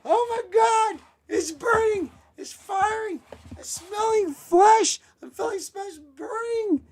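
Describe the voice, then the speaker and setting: A man's voice: extremely high pitch, slow pace, a crowd in the background, voice pushed up, heavily acted. A man voicing an old male head coach who shrieks in pain as he is burned. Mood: agonized.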